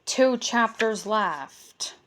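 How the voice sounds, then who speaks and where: A woman reading a children's chapter book aloud as a gentle bedtime story. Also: a little high, expressive, drawn-out words.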